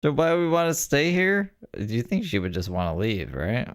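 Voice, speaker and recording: A man's voice: medium pitch, big pitch swings, brisk. A man reacting to a clip with casual, offhand commentary and chatty asides.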